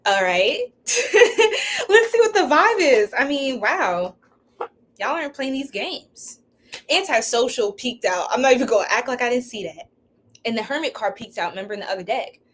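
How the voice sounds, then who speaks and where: A woman's voice: on the high side, lively intonation, moderate pace, a bit bright, a little hiss or hum. A woman giving a casual, playful live-streamed tarot reading, using slang and laughing often. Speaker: tarot reader.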